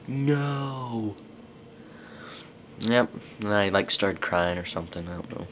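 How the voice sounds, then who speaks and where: A man's voice: fairly low pitch, lively intonation, unhurried, long pauses, fairly bright tone, a little hiss or hum. A young man telling personal stories to camera in a rambling, casual way. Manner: rambling, lots of fillers and restarts. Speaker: vlogger.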